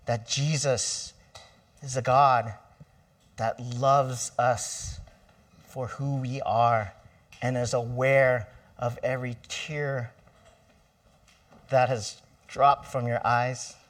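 A man's voice: medium pitch, a bit bright, recorded from a distance. A middle-aged man preaching a sermon in a church, conversational and asking the congregation for responses. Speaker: pastor.

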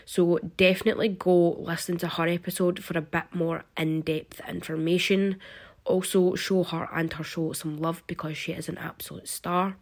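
A Scottish woman hosting a podcast, her voice croaky from illness, reading a chatty, friendly script. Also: on the low side, level tone, moderate pace. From Scotland. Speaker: podcast host.

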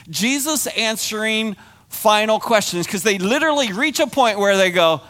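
Bright, high-voiced man preaching. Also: moderate pace. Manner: conversational, animated, acts out the quoted voices. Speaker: pastor. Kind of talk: sermon.

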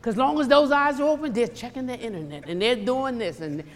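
A woman preaching a sermon, emphatic and animated, swinging between loud bursts and hushed asides. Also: a little high, fairly quick, long reverb tail.

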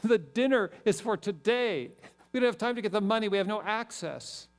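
A middle-aged male pastor preaching a sermon, animated and telling stories with quick asides. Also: sits high.

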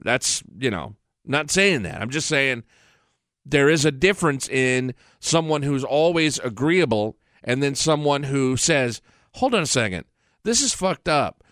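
In a professional studio with no room sound, a middle-aged man hosts his own podcast, launching into a casual ranting monologue that is blunt, profane, and fired-up. His voice is medium in pitch with a fairly bright tone.

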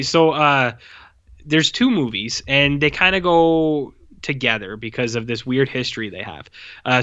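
Casual male podcast host, rambling and laid-back, bright edge, lo-fi recording. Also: medium pitch. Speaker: podcast host reviewing movies. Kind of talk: casual chat.

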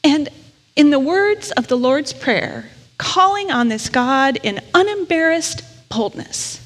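A woman delivers a storytelling sermon in a fairly high voice. She talks in a candid, conversational way with a self-deprecating touch. Her words carry a long reverb from a large church hall. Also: animated, slow pace, a bit bright. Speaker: preacher.

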